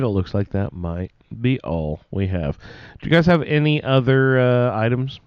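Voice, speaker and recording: A man hosting a podcast, talking casually with relaxed, wry asides. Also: mid-range voice, a little slow, smooth, no room sound. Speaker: podcast host. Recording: slightly dull sound.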